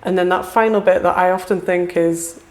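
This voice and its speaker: Chatty woman explaining whisky, low-pitched. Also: fairly even intonation, fairly quick, darkish tone. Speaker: whisky brand representative. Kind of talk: casual conversational interview.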